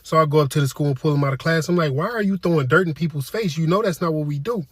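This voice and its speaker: Deadpan man telling a comic story. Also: a little high, quick pace, dry recording. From Detroit. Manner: deadpan storytelling with voiced quotes. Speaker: comedic storyteller. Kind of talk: comedy skit monologue.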